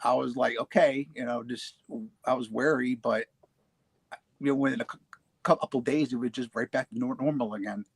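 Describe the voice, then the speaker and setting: A man in his forties casually telling his own ghost encounters, halting and restarting often, laughing easily. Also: medium pitch, fairly even intonation, vocal fry, husky, dry recording. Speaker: paranormal show guest telling his experiences. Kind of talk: casual storytelling.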